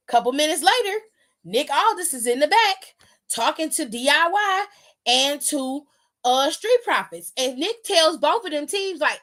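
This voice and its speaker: A young woman with a high voice tells the story in a loose, slangy way and acts out the quotes as she goes. Her pitch swings widely from line to line, and she sounds like a show host talking straight to her viewers. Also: animated, measured pace, fairly bright tone. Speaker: wrestling show recap host. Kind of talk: animated casual recap.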